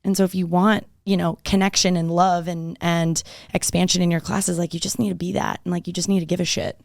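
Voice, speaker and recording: A woman's voice: fairly low pitch, level tone, fairly quick, vocal fry, darkish tone, no echo, studio quality. A woman fitness instructor, talking bluntly and emphatically as a podcast guest, swearing freely. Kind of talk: casual podcast conversation.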